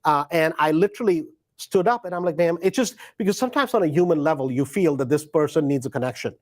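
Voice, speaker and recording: A man's voice: a little high, quick pace, darkish tone. A middle-aged man, a real estate investor, telling a story in a live stream and animatedly acting out both sides of a conversation.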